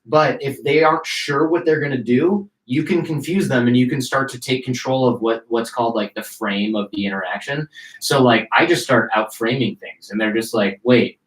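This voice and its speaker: A man's voice: medium pitch, moderate pace. A man from Detroit and a podcast host, telling a story casually and acting out the voices of the people he quotes. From United States (Detroit). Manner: animated, acts out quoted voices, many "like" fillers. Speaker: podcast host, guest on a show. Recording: roomy echo.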